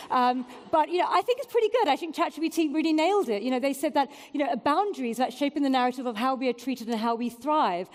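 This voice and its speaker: A woman's voice: sits high, long reverb tail. A woman in her forties giving a candid, self-mocking conference talk with frequent fillers. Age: 40s. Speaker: keynote speaker. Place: event venue before an audience.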